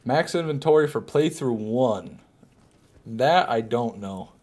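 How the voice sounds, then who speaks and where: A man's voice: medium pitch, lively intonation, slow pace, a little mellow. A man streaming a game live, rambling and joking, answering chat questions and swearing now and then. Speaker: gaming streamer. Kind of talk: casual live gameplay commentary.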